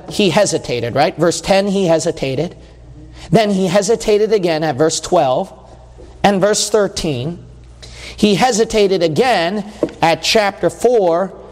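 A man preaching a sermon in a church, emphatic, putting questions to the listeners and swinging between slow stressed words and quick bursts. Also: high-pitched, lively intonation, darkish tone. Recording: long reverb of a large hall.

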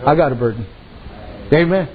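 A man's voice: a little high, expressive, normal speed, phone-quality sound. A man preaching a sermon, telling folksy stories and dropping frequent amens.

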